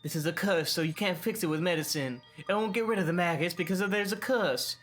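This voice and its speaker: A man's voice: mid-range voice, moderate pace, a bit bright, faint music behind, lightly acted. A man reading as a tormented teenage girl sinking into delusion. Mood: frantic. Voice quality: pleading, obsessive repetition. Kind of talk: reading a visual novel aloud.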